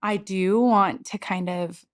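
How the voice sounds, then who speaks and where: A woman's voice: medium pitch, steady tone, takes it slowly, no echo, clean studio sound. A woman podcast host in a casual interview, asking long rambling questions and affirming her guest.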